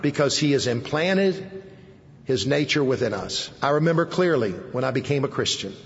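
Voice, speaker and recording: A man preaching a sermon to a seated audience, speaking emphatically, repeating key phrases and letting his voice sink low at the ends of phrases. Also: lively intonation, moderate pace, long reverb tail, dull audio. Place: hall with an audience.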